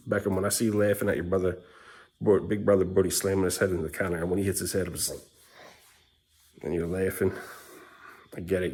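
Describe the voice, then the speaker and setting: A man's voice: deep voice, a little mellow. A man talking to camera as a dad vlogger, candid, rambling and blunt, with casual swearing. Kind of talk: rambling personal vlog monologue.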